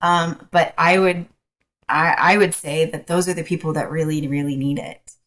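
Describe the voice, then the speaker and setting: Low-pitched woman, frank and chatty. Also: fairly even intonation, a bit bright, poor audio. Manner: frank, chatty, hesitant with many pauses. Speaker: guest, transformational coach. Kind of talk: casual interview chat.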